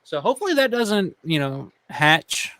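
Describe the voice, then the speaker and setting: A man with a slightly high, smooth and clear voice hosts a relaxed chat. He tells a story loosely, swears freely and laughs often. The sound is dry and close. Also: moderate pace, no room sound. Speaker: channel host.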